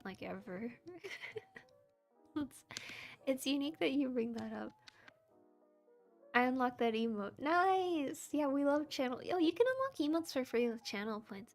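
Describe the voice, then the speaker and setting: On her casual livestream, a young VTuber and model rigger with a voice on the high side talks with viewers while working on art. Giggling often, she keeps apologizing in a friendly, self-deprecating way, with soft music in the background.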